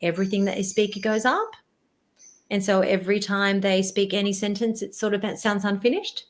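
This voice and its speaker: A woman, a voice presentation coach giving tips in an interview, animated and demonstrative. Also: medium pitch, normal speed.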